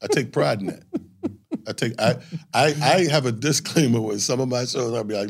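A man's voice: mid-range voice, a little fast, slightly rough. A man in his forties, a stand-up comedian, chatting in an interview and acting out voices as he tells stories. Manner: animated storytelling, acts out voices. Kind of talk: casual interview chat.

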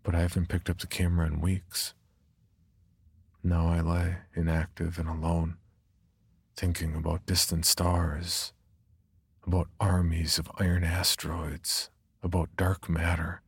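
A man narrating a first-person horror story in a subdued, brooding way, with a husky, gravelly voice. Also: sits low, completely flat delivery, a little slow, pauses often, no room sound.

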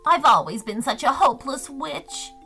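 A grumbling, self-doubting old witch, put on by a woman storyteller. She huffs in a bright, lively voice and takes her time, over soft music. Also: sits high, normal speed, pitched above the performer's own voice, heavily acted. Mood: sad. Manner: grumbling, huffy, then sad.

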